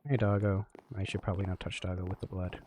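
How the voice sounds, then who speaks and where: A man streaming a role-play game, talking in character in a halting, apologetic way with many restarts. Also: sits low, little pitch movement, a little mellow, a little hiss or hum.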